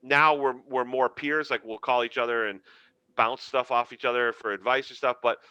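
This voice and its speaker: A man's voice: medium pitch, moderate pace, clean tone, no echo, muffled recording. A man, a comedian telling stories in a casual chat and acting out the voices of the people in them. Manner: animated storyteller acting out quoted voices. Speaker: comedian guest.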